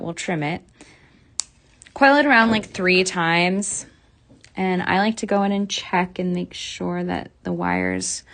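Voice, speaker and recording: A woman hosting a casual, chatty craft tutorial, explaining her steps in a relaxed, upbeat way. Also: lowish voice, gravelly. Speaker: beading instructor.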